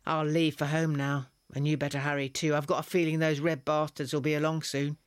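A man's voice: on the high side, little pitch movement, a little fast, natural voice. A man doing a hearty market woman. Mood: cheerful. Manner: hearty, loud, conspiratorial. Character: cheerful, sturdy middle-aged market woman.

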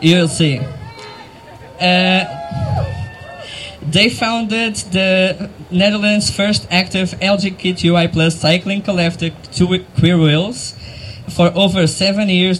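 A man working as MC at an outdoor gathering, speaking emotionally and haltingly, with frequent fillers and small laughs. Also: sits high, a little hiss or hum, poor audio. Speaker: event MC. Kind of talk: live outdoor event hosting. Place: outdoor event crowd gathering.

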